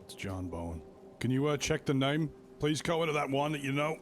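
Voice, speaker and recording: A man speaking in character as a sheriff in a western role-play, brisk and businesslike. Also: mid-range voice, big pitch swings, slight background noise.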